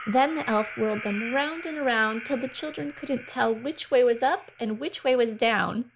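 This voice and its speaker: A woman reads a children's storybook aloud in a gentle, clear manner. Her voice sits fairly high but carries a noticeable gravelly fry. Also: moderate pace, noisy background. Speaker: narrator. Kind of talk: storybook reading.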